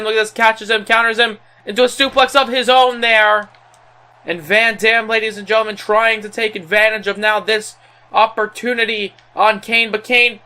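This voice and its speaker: A young man giving play-by-play wrestling commentary over a video game as a gaming channel host, with an excited announcer voice, many fillers and self-corrections. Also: high-pitched.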